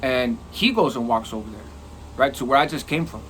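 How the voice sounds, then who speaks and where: A middle-aged man telling a prison story in a casual, profane, animated way. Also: medium pitch, brisk, a little hiss or hum. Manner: animated, profane, acts out quoted lines.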